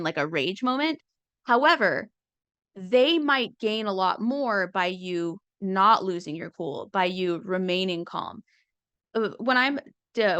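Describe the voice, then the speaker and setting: Comedian-type woman, casual wry talk, mid-pitched voice, dry recording. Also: fairly bright tone, dry recording. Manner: conversational and wry, slipping into quick impressions. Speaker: comedian and speaking coach. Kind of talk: casual talk with acted-out quotes.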